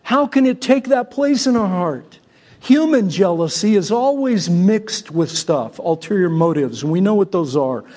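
A male pastor from Syria preaching a sermon, swinging from loud exhortation to soft, conversational storytelling. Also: high-pitched, animated, a little slow.

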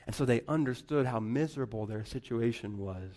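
A man preaching a sermon, rising to loud emphatic lines and dropping to near-whispers. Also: mid-range voice, a little fast. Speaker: pastor.

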